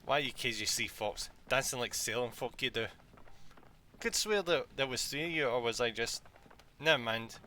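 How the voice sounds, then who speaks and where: A man voicing a cheeky, boastful male pirate deckhand who talks in a rough sailor's dialect. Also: mid-range voice, expressive, normal speed, pushed and bright, a little hiss or hum.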